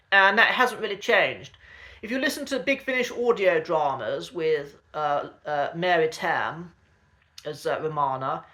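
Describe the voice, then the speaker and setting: A man giving a casual spoken lesson to camera, polite and measured, pausing often with ums and uhs and restarting his sentences. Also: high-pitched, pushed and bright. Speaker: accent coach.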